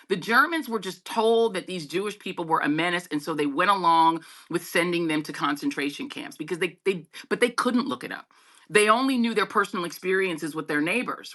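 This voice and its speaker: A middle-aged woman, a guest journalist, talking politics in an emphatic, conversational way and calling listeners y'all. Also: bright, forceful tone. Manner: emphatic, swings pitch widely, talks to listeners as y'all.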